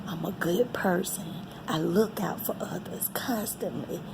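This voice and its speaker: A woman tells a personal story, repeating herself and often sinking into a breathy whisper. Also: fairly low pitch, a little slow. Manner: emotional, repeats phrases, drops to a breathy whisper. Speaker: vlogger sharing a personal testimony.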